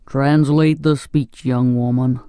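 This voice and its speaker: Man doing a slow, dim pumpkin-headed man. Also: medium pitch, fairly even intonation, clean tone, no echo, clean studio sound, natural voice. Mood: earnest. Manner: slow, loud and plodding. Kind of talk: audiobook character voice.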